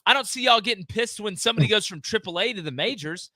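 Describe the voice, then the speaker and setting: A man holding forth on sports in a casual, animated way. His voice is bright and forceful, a touch higher than most men, recorded close and dry. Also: fast, no echo. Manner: animated, mocking quoted voices, laughing asides. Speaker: podcast co-host.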